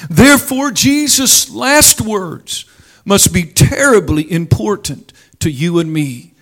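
Slow, deliberate male preacher. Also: sits high, animated, fairly bright tone. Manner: slow, deliberate preaching with dramatic rises and drops. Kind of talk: sermon.

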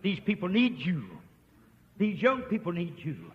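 A man preaching a revival sermon, swinging from hushed murmurs to shouts. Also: high-pitched, sing-song, unhurried. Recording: dull lo-fi tape with long reverb.

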